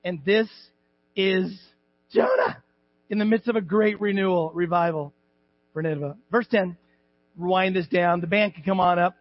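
A male pastor preaching a sermon in a church, animated and joking, acting out voices and shouting at times. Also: sits high, normal speed, dull audio. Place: church sanctuary.

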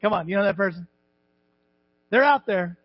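A male pastor preaching a sermon in a church, animated and joking, acting out voices and shouting at times. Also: high-pitched, normal speed, dull audio. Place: church sanctuary.

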